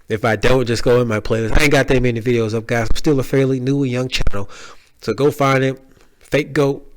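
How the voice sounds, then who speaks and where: Rambling casual man hosting a podcast. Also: mid-range voice. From Dallas area. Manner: rambling, heartfelt, with restarts and slang. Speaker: podcast host. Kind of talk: casual solo podcast talk.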